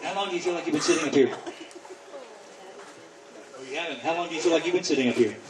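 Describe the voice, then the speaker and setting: Brief: male stage hypnotist, slightly high voice, playful with volunteers, slow soothing counts; taped from afar, echoey, with a loud crowd and noise. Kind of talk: hypnosis show patter. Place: outdoors in a yard at night. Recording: distant camera, echoey, noisy crowd.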